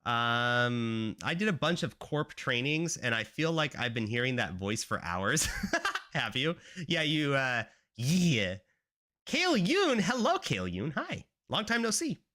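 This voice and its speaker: Guy streamer rambling casually, lots of ups and downs in pitch, bright tone. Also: sing-song, a little slow. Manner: rambling, filler-heavy talk. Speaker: streamer and game developer. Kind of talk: casual live-stream chat.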